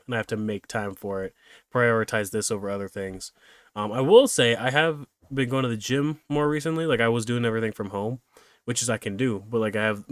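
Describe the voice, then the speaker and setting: Young man, solo podcast host, rambling chatty talk, quick to laugh at himself, dry close sound. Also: on the low side, no echo. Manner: rambling, self-deprecating, laughs easily.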